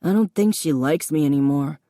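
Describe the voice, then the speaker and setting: A woman's voice: deep voice, moderate pace, warm tone, dry recording, studio quality. A woman narrator voicing an eager, literal-minded young man with a childlike, earnest manner in an audiobook.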